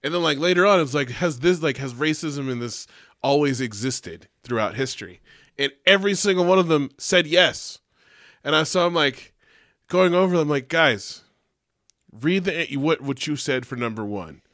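A man's voice: fairly high pitch, normal speed, no room sound, clean studio sound. Young man telling a profane teacher story. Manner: animated and profane, heavy use of "like", acts out quotes. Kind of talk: casual storytelling chat.

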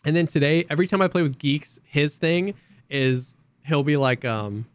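Animated young man telling game stories. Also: on the high side, moderate pace, clear, resonant tone, no room sound. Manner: animated storyteller, acts out quotes. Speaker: podcast co-host. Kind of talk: casual chat.

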